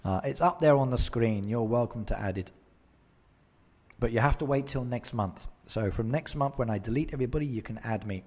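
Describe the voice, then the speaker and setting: A man's voice: medium pitch, a little fast, darkish tone, slightly rough. A man chatting casually on a live game stream, answering viewer comments and laughing often into a desk microphone at home. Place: home streaming setup in Japan.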